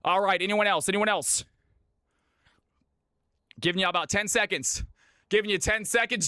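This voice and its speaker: A man hosting a live game stream, energetically giving shout-outs to chat and calling out teams. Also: high-pitched, moderate pace, long pauses, clean tone, no room sound, clean studio sound.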